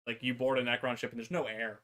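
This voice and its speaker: A man co-hosting a casual live stream, explaining haltingly with many fillers. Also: medium pitch, little pitch movement, fairly bright tone. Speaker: co-host.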